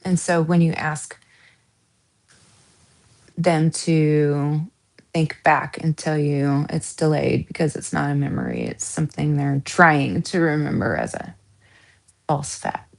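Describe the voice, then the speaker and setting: A woman's voice: low voice, lively intonation, slow pace, vocal fry, long pauses. A woman from the American South with a Southern accent, hosting a casual true crime chat, giggly with lots of ums and restarts. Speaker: true crime channel host.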